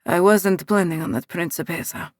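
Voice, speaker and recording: An audiobook narrator voicing a calm, protective mafia boss who speaks steadily and reassuringly. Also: moderate pace, no echo, studio quality, close to an everyday voice. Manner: steady, reassuring, low-key.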